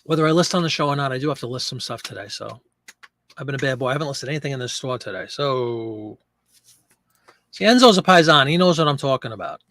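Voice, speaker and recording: A man's voice: mid-range voice, expressive, fast talker, fairly bright tone, no room sound. A man hosting a live selling stream, chatting casually and joking as he reads viewer comments aloud.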